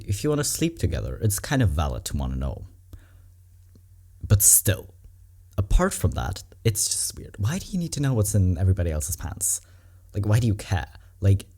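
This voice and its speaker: Casting: reaction vlogger, mellow low voice, candid, rambling, emotional. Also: breathy edge. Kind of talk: casual reaction commentary.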